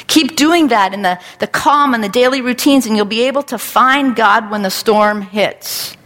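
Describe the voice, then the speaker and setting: A woman's voice: fairly high pitch, moderate pace, few pauses, fairly bright tone. Earnest woman preaching in a reverberant hall. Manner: earnest, repetitive preaching cadence. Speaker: pastor. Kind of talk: sermon.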